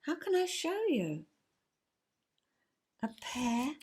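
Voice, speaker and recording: A woman's voice: high voice, big pitch swings, takes it slowly, breathy edge. Older english lady nattering to the camera, rambly and chuffed about everything. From England. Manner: chatty, rambling, warmly enthusiastic with little laughs. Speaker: vlogger. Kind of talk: casual chat to camera.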